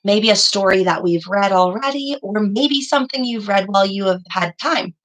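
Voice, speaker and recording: A woman's voice: mid-range voice, moderate pace, fairly bright tone, poor audio. A woman teaching young children in an online class over a video call, patient and encouraging, praising her students by name. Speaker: elementary school teacher.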